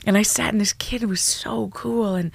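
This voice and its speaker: A woman, a psychologist guest on a podcast, telling stories in an animated, blunt way, swearing freely and dropping to a hushed tone at tender moments. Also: medium pitch, normal speed, creaky, husky, no echo. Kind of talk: storytelling in a podcast interview.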